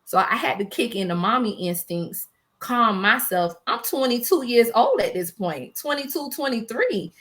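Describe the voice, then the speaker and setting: Woman, forties, interview guest, emotional storytelling, animated, mid-range pitch. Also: moderate pace. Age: 40s. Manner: animated and emotional, quotes herself, laughs between hard memories. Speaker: small business owner, interview guest. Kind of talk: personal storytelling in a casual interview.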